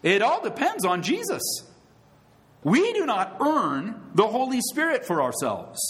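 Male pastor, sermon, earnest, emphatic, rhetorical questions, rather high voice. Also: huge pitch swings, measured pace, fairly bright tone. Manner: earnest preaching, with rhetorical questions, wide swings in pitch.

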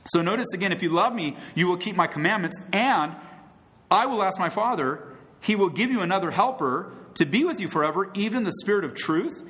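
A man's voice: sits high, expressive, brisk, a bit bright. A man preaching a sermon as pastor, earnest and emphatic, asking his listeners rhetorical questions.

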